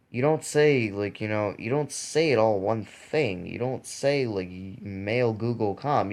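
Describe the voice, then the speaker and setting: A young man hosting a mobile gaming channel, rambling in casual gameplay commentary with lots of fillers and restarts. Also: fairly low pitch.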